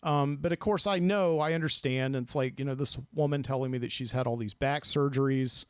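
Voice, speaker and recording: A man's voice: mid-range voice, a little fast, clear, resonant tone, no room sound. Rambling male podcast host, dry studio sound. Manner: rambling, self-deprecating, acts out quoted people. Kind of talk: late-night monologue storytelling.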